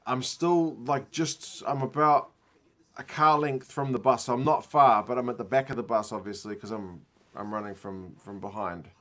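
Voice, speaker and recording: A man's voice: medium pitch, normal speed, a bit bright. Man telling a rambling, self-mocking story. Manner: rambling, self-mocking anecdote with frequent laughs. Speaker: rugby channel host. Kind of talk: casual storytelling during a watch-along.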